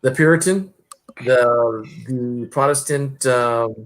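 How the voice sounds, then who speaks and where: An American man chatting casually as a guest, meandering and halting with lots of pauses. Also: medium pitch. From United States. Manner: meandering, halting with many uhs. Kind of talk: casual chat.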